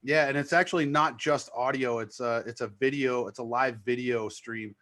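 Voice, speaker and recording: A man with a New England accent, a DJ chatting casually and excitedly about his show, rambling with fillers. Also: mid-range voice, moderate pace. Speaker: DJ promoting his live mix show. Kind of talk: casual chat.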